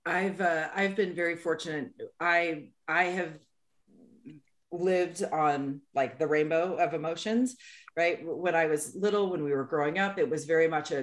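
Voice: mid-range voice, moderate pace. A young adult podcast co-host speaking earnestly and affirmingly in casual chat, often checking in with "right?".

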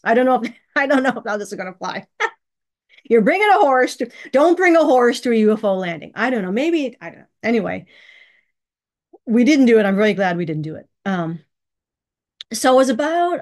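Chatty woman telling a story. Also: medium pitch. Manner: chatty, laughs often, acts out quoted dialogue. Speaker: channel host. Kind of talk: casual storytelling vlog. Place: bedroom.

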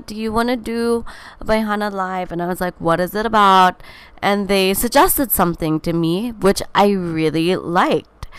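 A woman's voice: on the low side, clear, resonant tone, no room sound. A young woman, hosting a casual podcast from home. She sounds tired and talks in a candid, scattered way with lots of fillers and restarts. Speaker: podcast host. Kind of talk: casual rambling podcast chat.

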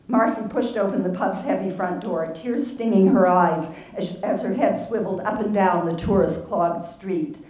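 A woman author reading from her novel in a measured, steady way at a public reading hall. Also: medium pitch. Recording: roomy hall from far off.

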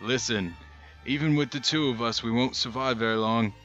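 A man's voice: medium pitch, normal speed, a bit bright, highs cut off, soft background music, close to an everyday voice. A man doing a shifting-accent ex-priest survivor. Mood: earnest. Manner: accent keeps changing.

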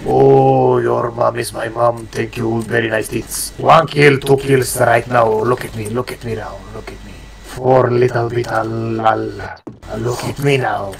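A man's voice: medium pitch, fairly even intonation, measured pace, gravelly. A man trolling other players over in-game voice chat, crude and boastful in broken English. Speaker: gamer trolling online players.

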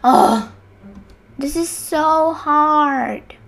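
High bright-voiced young woman gaming. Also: extremely slow. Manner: frustrated, excitable, swings between loud outbursts and muttering. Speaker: gamer. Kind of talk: casual gameplay commentary.

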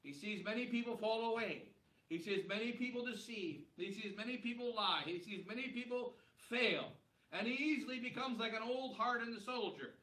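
A man's voice: sits high, moderate pace, bright, forceful tone. A man preaching a sermon at Mass, with emphatic repetition. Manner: emphatic repetition, rising and falling for stress. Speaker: priest preaching at a Solemn High Mass. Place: large church. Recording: echoey church heard from a distance.

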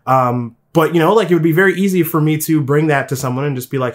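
A man's voice: mid-range voice, quick pace, hardly any pauses. A man hosting a podcast in casual chat, candid and a bit profane, rambling with restarts. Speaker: podcast host.

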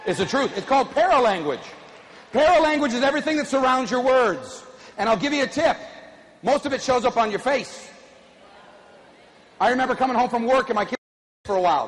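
A middle-aged man giving an animated keynote speech to a live audience, drawing call-and-response from the crowd. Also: very high-pitched, brisk, long pauses. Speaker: motivational speaker. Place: large conference hall. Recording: echoey hall, faint ambience.

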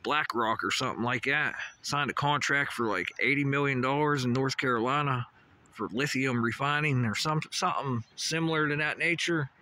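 Recorded outdoors on a phone along a hilltop path, a man rambles through his vlog, swearing casually and chatting to trees and animals. He speaks in a mid-range, pushed, bright voice at a moderate pace.

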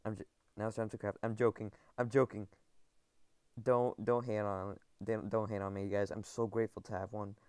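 Overexcited guy doing game commentary, stammers and repeats stuff, smooth clean voice, dry close mic. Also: on the low side, level tone, normal speed, a little mellow, dry recording. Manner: overexcited, stammering, repeats himself, addresses viewers as guys. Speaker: gaming video creator. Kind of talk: excited gameplay commentary.

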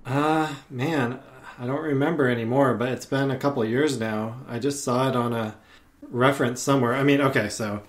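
A man of middling pitch talks as a guest on a podcast. He rambles eagerly, circling back with fillers and restarts as he recalls things, speaking into a podcast microphone. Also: steady tone, moderate pace. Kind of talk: casual podcast chat.

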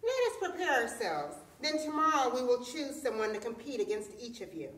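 A woman voicing Anansi, a clever male trickster spider who flatters and persuades. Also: on the high side, moderate pace. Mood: persuasive. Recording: roomy echo, distant mic.

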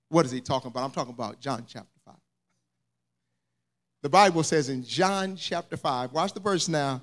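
A man's voice: on the high side, normal speed, pauses often, fairly bright tone. A man preaching a sermon as pastor, telling a story that builds into fervent, rising preaching. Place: church sanctuary.

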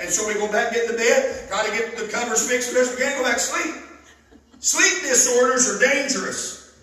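A man preaching a sermon, telling stories fervently and bursting into loud emphasis. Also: very high-pitched, a little fast. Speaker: pastor. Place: church sanctuary. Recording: echoey church hall, mic at a distance.

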